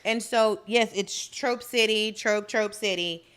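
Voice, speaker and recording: A woman's voice: medium pitch, a little slow, fairly bright tone, clean tone. A woman co-hosting a podcast, chatting casually and chiming in with wry comments. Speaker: podcast co-host. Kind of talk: casual chat.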